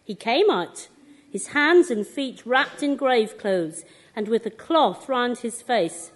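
A woman reading a scripture passage aloud in church, expressive and clear. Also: on the high side, takes it slowly. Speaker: scripture reader.

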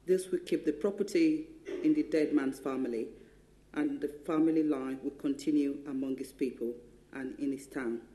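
A man reading a Bible passage aloud in church in a steady, formal way. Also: mid-range voice, normal speed. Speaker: scripture reader. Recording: echoey church room.

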